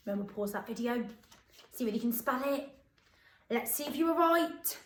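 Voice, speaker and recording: A woman's voice: fairly high pitch, fairly bright tone. Upbeat woman teaching phonics. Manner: upbeat and encouraging, spells words out letter by letter. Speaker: primary school teacher. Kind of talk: recorded phonics lesson for young children. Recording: echoey room.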